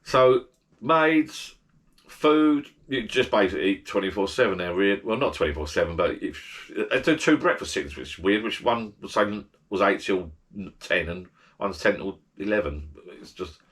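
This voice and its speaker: A man's voice: fairly low pitch, animated, normal speed, a bit bright. A man giving rambling, chatty holiday advice as a travel vlogger, full of restarts and asides. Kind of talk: casual holiday advice chat.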